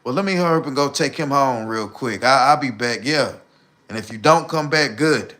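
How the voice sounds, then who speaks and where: A man's voice: mid-range voice, moderate pace, pushed and bright. Blunt, profane man ranting on a livestream. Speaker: livestream host. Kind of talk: casual livestream rant.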